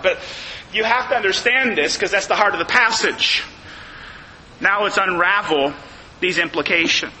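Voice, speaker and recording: A man preaching a sermon as pastor, emphatic, slowing down to stress key phrases. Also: a little high, pushed and bright, long reverb tail, a little hiss or hum, rough recording.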